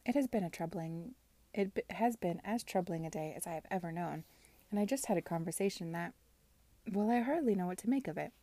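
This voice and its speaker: A woman reading aloud as a young gentlewoman who talks quickly and is flustered, in a storybook reading. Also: sits high, expressive, dry recording.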